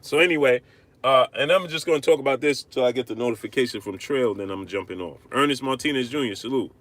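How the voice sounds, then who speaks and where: A man hosting a live-stream boxing rant, arguing hard, repeating himself and shouting out viewers. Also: mid-range voice, fast talker, no echo. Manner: animated, repetitive, argumentative, shouting out viewers. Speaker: livestream host.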